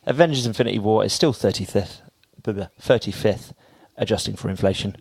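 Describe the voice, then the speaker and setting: This podcast co-host has a lowish, fairly quick voice with vocal fry and a darkish, slightly rough tone, recorded with no room sound. He chats casually and cracks jokes while reading entertainment news from his notes.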